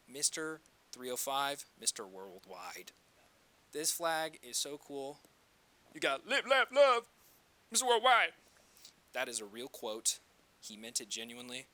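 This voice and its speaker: A man delivering a mock-sincere comedy bit in a deadpan tone. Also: mid-range voice.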